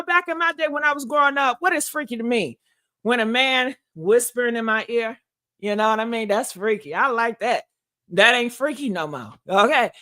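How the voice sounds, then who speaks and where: A woman's voice: high voice, pushed and bright. A woman hosting a gossip livestream, brash and profane, talking in a casual style and calling viewers honey and baby.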